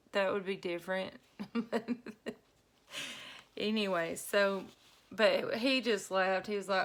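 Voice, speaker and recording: A middle-aged woman telling a story casually while she crafts, chatty and quick to laugh, with lots of y'all. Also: mid-range voice, a bit bright. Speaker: craft vlogger.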